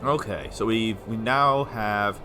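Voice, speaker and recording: A man from the United States giving casual, rambling let's-play commentary as a gaming video host, sometimes slurring syllables when excited. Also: fairly low pitch, slow pace, soft background music. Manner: rambling, chatty, self-deprecating.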